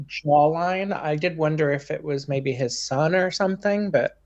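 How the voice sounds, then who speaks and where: A man's voice: fairly high pitch, normal speed, a little mellow. Man chatting on a dull lo-fi recording. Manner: brief comments and agreeing murmurs. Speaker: podcast co-host. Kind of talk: casual film recap chat. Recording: dull lo-fi sound.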